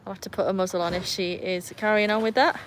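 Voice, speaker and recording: An English woman hosts a casual live stream from a rainy poolside, chatting on her phone. She greets viewers and playfully scolds her dogs, at a middling pitch with faint noise around her. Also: fairly even intonation, quick pace. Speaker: livestream host. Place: outdoors beside a backyard pool in the rain. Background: faint rain and outdoor ambience.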